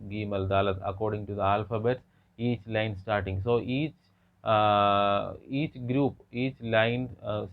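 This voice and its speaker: Male lecturer with a lowish voice, halting delivery full of pauses and restarts, tinny phone-quality sound. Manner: halting, frequent hesitations and restarts. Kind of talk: academic lecture.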